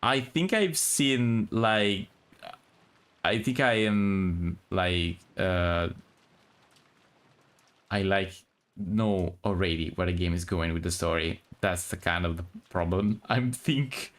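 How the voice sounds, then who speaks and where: A man's voice: low voice, slow, long pauses. A man streaming with a friend, reading a visual novel aloud and chatting casually with many restarts. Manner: relaxed, hesitant, many restarts.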